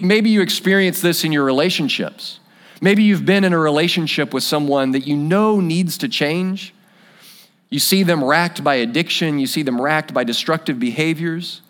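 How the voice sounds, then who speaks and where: Earnest male preacher, slightly high voice. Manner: earnest, reflective preaching with soft drops on key lines. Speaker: pastor. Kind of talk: sermon.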